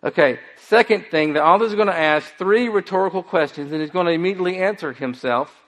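A pastor preaching a sermon, telling stories and acting out voices with animated emphasis. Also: male voice, high voice, a little fast, long reverb tail.

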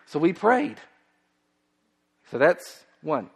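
A pastor preaching a sermon, telling stories and acting out voices with animated emphasis. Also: male voice, a little high, measured pace, big-room sound.

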